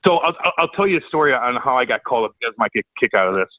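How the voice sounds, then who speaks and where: A man telling a profane, animated story as a podcast guest. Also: medium pitch, rapid-fire, dry recording, narrow, tinny audio. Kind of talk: casual storytelling.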